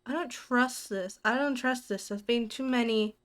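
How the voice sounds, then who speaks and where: An Australian woman streaming a horror game live. Her voice sits a little high, and she jumps between squeals, giggles and muttered asides to herself. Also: moderate pace, fairly bright tone. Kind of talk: live gameplay commentary.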